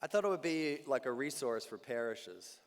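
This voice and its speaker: A man, a Jesuit priest, giving a talk to a live audience with animated storytelling, humor and asides. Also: medium pitch, moderate pace. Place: large hall with live audience. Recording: long hall reverb.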